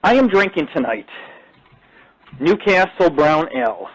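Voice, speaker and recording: A man hosting an internet radio show, telling a crude, boastful story in loud, profane casual talk from a home studio. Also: on the high side, very animated, measured pace, poor audio.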